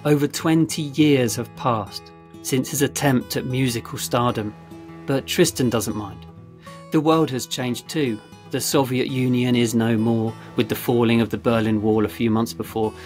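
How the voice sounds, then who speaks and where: A man narrating a story in a steady, measured reading voice. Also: mid-range voice. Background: faint guitar music.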